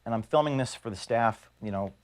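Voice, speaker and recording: A man, the founder of an organization, reading an earnest, measured video statement to his staff from his office. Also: mid-range voice. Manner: earnest, measured, grievance-laden. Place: office at headquarters.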